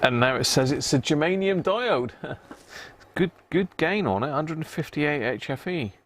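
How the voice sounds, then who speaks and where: A man's voice: a little high, expressive, a little slow, fairly bright tone, slight background noise. A man hosting a casual live stream, chatting with viewers and muttering to himself as he tests parts at an electronics workbench. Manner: chatty, answers live chat, mutters while testing parts. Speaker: live-stream host repairing a vintage radio. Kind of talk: casual live-stream chat while working.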